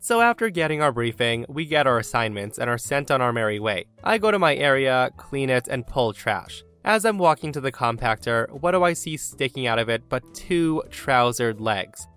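An upbeat male podcast host reads forum stories aloud and chats with his listeners between them. His delivery is friendly and lively, with faint music underneath. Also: medium pitch, normal speed, hardly any pauses, clean tone. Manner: upbeat, chatty, often addresses listeners as guys. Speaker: podcast host and story narrator.

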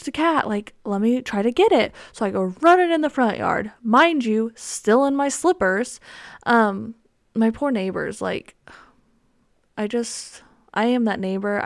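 A woman's voice: medium pitch, vocal fry, no echo, clean studio sound. A young woman hosting her own podcast, telling a story in a rambling way with lots of ums and likes. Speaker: podcast host. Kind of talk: casual solo storytelling.

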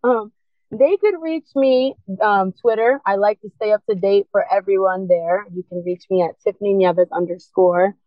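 A woman's voice: medium pitch, moderate pace, no echo. Woman guest pouring out her story, fired up and earnest, sounds like a thin phone line, dry. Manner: earnest, impassioned, urgent encouragement. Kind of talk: emotional personal testimony.

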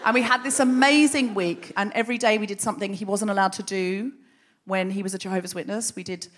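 A woman comedian spins a personal story for a live audience into a stage microphone. Her delivery is wry and lively, and it builds toward real passion. She sits at an everyday middle pitch. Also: fast, slight background noise. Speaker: comedian and podcast host.

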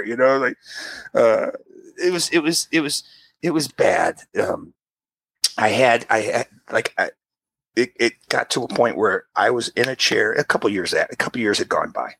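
A man's voice: moderate pace, creaky, breathy edge, no echo. A man in his fifties telling a long personal story in casual chat, acting out the people in it. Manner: animated storyteller, jumps to high pitch for quoted voices.

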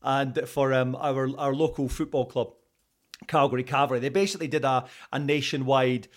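A man's voice: medium pitch, steady tone, moderate pace. Chatty Scottish man, rambling and laughing. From Scotland. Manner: chatty, rambling with fillers and restarts, laughs often. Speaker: interview guest, radio presenter. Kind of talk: casual interview chat.

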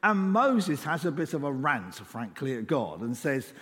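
A man's voice: mid-range voice, lively intonation, normal speed, a bit bright. A man preaching a sermon in an informal, conversational way, rising in emphasis on key lines. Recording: echoey church hall.

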